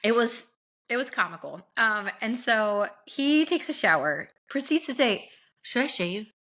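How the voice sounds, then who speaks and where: Bright, animated woman telling a story. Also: fairly high pitch, unhurried. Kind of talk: casual podcast storytelling.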